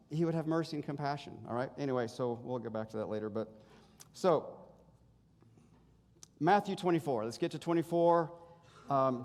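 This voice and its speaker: Chatty pastor in a reverberant church. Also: male voice, fairly high pitch. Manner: casual, often checks in with the congregation; animated when telling stories. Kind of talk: conversational sermon. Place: church sanctuary. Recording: long hall reverb in a church.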